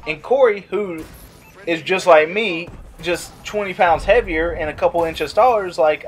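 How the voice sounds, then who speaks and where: A young man vlogging, telling a casual story and acting out the quotes in a higher voice. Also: moderate pace. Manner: animated, acts out quotes in a higher voice.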